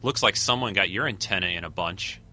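Teasing woman lieutenant, read by a man, bright and playful. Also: deep voice, brisk.

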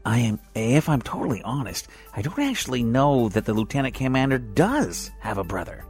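A man voicing a nervous, stammering male Ferengi ensign in a high, squeaky voice. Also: very animated, normal speed, a little mellow, faint music behind. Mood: uncertain.

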